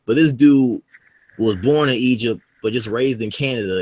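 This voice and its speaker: A man co-hosting a podcast in casual chat, loud and teasing, swearing often. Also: medium pitch, normal speed, low-quality recording. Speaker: podcast co-host.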